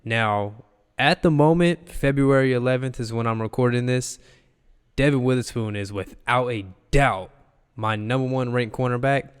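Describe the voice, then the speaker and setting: A man's voice: medium pitch, moderate pace, clear, resonant tone, long reverb tail. A young man, an enthusiastic football analyst, talking loosely through game film and repeating himself as he goes. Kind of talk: casual film breakdown.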